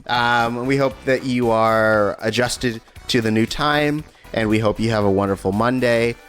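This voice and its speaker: A man's voice: medium pitch, fairly even intonation, a little slow, a bit bright, faint music behind. A man co-hosting a podcast, upbeat and chatty, signing off the show. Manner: upbeat, chatty, laughs easily. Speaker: podcast co-host. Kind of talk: casual chat.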